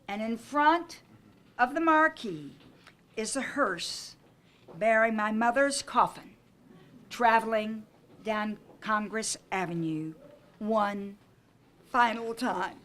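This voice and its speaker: Older woman host, welcome speech at a home reception, high and bright, unhurried, anecdotal, lightly funny. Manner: gracious, anecdotal, with light humor. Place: private home during an evening reception.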